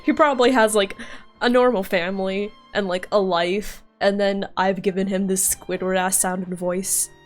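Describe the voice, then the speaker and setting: A woman's voice: mid-range voice, fairly even intonation, moderate pace, soft background music. A woman streaming a video game, chatting casually and giggling as she talks to her viewers. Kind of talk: casual gaming stream chat.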